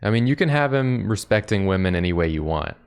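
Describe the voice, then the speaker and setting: Deep, smooth-voiced man joking deadpan. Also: fast talker. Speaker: stream co-host. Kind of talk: casual chat.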